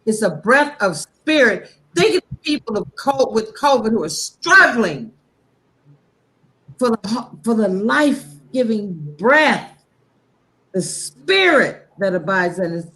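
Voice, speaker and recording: A woman's voice: on the high side, sing-song, a bit bright. A woman speaking about faith on a talk show in a heartfelt, preachy way, salted with blunt profanity. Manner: impassioned, preachy, frank with profanity; slow, deliberate delivery.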